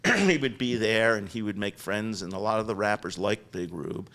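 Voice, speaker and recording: An older man, the guest on a podcast, telling lively stories about his business with lots of restarts. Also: fairly low pitch, normal speed. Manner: chatty, animated storyteller with frequent restarts. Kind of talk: storytelling interview. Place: podcast studio.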